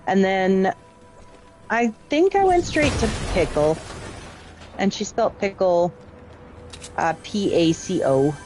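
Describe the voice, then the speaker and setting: A middle-aged woman chatting casually with friends while playing a game, telling stories in a lively, chatty way. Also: medium pitch, slow, long pauses, soft background music. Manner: chatty storytelling, lively retelling of exchanges. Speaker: parent and gamer. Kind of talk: casual chat while gaming.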